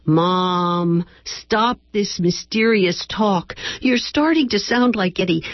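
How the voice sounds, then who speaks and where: A woman reading aloud and voicing a college-age daughter who talks quickly and insistently on the phone. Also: medium pitch, dry recording, dull audio, close to an everyday voice. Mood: eager, impatient.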